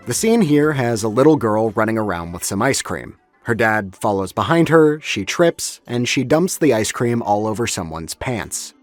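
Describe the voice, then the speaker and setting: A man narrates a scripted video essay, wry and analytical, with a lively, rising and falling delivery. Faint music sits under his voice. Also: on the low side.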